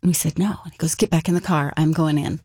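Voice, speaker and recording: A woman guest telling a personal story in a halting way, with frequent restarts. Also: deep voice, fairly even intonation, warm tone, no room sound, clean studio sound. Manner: halting, with many restarts and "kind of". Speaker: interview guest.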